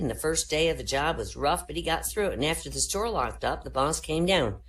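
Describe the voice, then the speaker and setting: A woman's voice: low voice, animated, a little fast, hardly any pauses, rough recording. A woman comedian telling a string of jokes at an online comedy show, switching into character voices.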